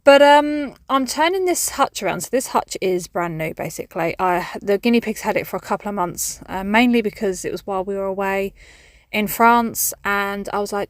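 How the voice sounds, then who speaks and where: Brief: woman, chatty and self-mocking, mid-pitched voice, dry close sound, outdoors. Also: brisk, no echo. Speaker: vlogger. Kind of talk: casual vlog chat. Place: outdoors in a garden.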